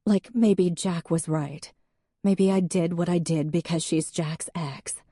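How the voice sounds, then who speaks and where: A woman's voice: lowish voice, fairly even intonation, slow, dark tone, dry recording, studio quality. A woman voicing an earnest, self-doubting female deputy who bursts out emotionally. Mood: upset. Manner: emotional, impulsive outbursts.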